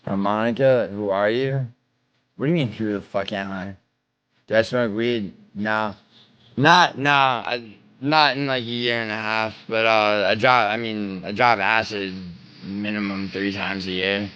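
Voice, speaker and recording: A man's voice: fairly low pitch, steady tone, unhurried, bright, forceful tone, clean tone, lo-fi sound. A man from New York hosting a livestream, rambling and swearing as he answers chat aloud. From New York, United States. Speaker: livestream host. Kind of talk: casual livestream chat reading. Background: music playing.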